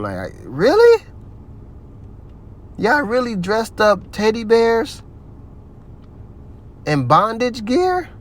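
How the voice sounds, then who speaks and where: A man giving heated religious commentary, ranting in a profane, preachy way. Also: high voice.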